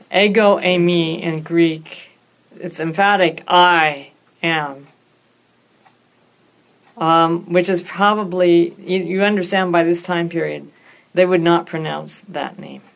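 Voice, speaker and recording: A woman's voice: lowish voice, fairly even intonation, slow, pauses often. A woman in a group Bible discussion who explains scripture thoughtfully and often restarts her sentences. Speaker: Bible study participant.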